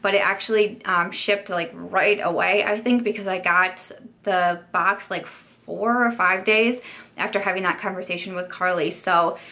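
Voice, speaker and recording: A woman's voice: medium pitch, fairly even intonation, moderate pace, pushed and bright. A young woman beauty YouTuber telling a chatty story-time vlog, full of "like" and "you know" fillers.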